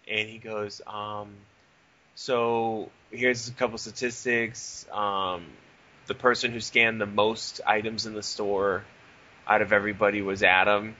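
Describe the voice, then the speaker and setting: A young man hosting a casual podcast, telling profane, animated stories with quoted dialogue. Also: fairly low pitch, a little slow, lo-fi sound. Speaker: podcast host.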